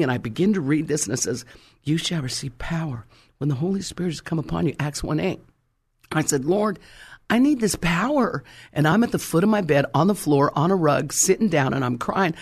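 A man preaching a fervent sermon, emphatic and calling out to his congregation. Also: on the high side.

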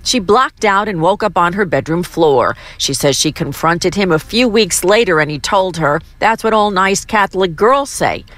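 A woman reporting a radio news story in a measured, serious manner. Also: fairly low pitch, expressive, a bit bright.

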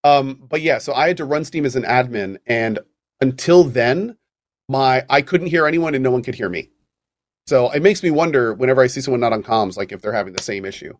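A man's voice: medium pitch, expressive, brisk. A man co-hosting a gaming podcast, explaining a game at length in casual chat, with fillers and restarts. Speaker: podcast co-host.

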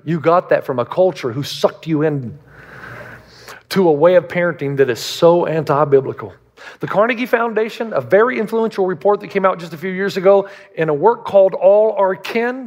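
A man preaching a sermon as a pastor, emphatic and full of rhetorical questions. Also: high-pitched. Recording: long reverb of a large hall.

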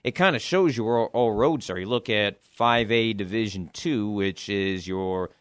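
Low-voiced sports analyst, wry storyteller. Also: male voice, moderate pace, fairly bright tone, no echo, studio quality. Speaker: sports journalist guest. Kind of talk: casual sports chat.

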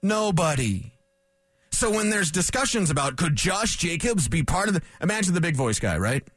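Sex: man. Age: 40s. Role: sports talk radio host. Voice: high, lively. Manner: rambling, self-correcting. Mic: dry studio. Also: moderate pace, breathy edge, dry recording. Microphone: studio microphone.

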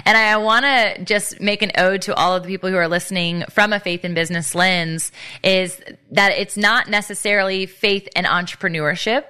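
A woman's voice: medium pitch, steady tone, normal speed, pushed and bright, clean tone. Effusive woman podcast host. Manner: effusive, affirming, run-on phrasing. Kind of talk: faith podcast interview.

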